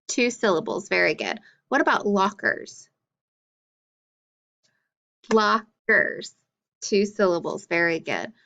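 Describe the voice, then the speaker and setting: A woman teacher leading an early-grade phonics lesson, speaking slowly and deliberately, praising each answer. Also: mid-range voice, gravelly, a bit bright, muffled recording. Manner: slow, deliberate, encouraging.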